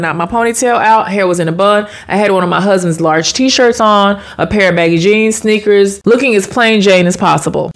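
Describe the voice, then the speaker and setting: A woman from the United States tells a personal story in a casual storytime vlog. She's slangy and animated, breaking into sudden high exclamations.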